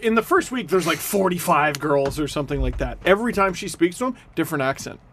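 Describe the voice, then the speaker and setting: A man with a fairly high voice co-hosting a podcast in casual, joking chat. He pokes fun at himself and sometimes trails off into a mumble, over a clear layer of background noise. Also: lively intonation, quick pace, fairly bright tone. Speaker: podcast co-host.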